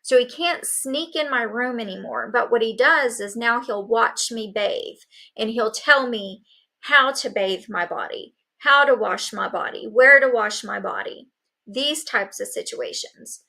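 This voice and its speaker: Bright-voiced woman telling her story. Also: on the high side, measured pace, gravelly. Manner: earnest storytelling, acting out quoted voices. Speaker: summit speaker. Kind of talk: personal testimony talk.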